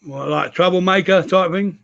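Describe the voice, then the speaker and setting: An English man being interviewed as a guest over a video call, good-humoured and gravelly, chuckling often. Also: high-pitched, moderate pace, fairly bright tone, lo-fi sound. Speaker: interview guest, wrestler and promoter. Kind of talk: casual interview chat.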